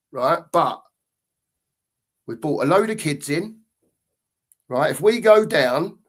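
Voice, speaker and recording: A man in a casual football fan chat, rambling and thinking aloud with fillers. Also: on the high side.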